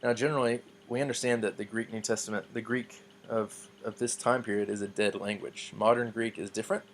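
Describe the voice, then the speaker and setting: A man teaching a recorded lesson in a relaxed, explanatory way, with frequent ums and restarts. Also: lowish voice, brisk, slight background noise. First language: English. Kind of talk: recorded classroom lecture.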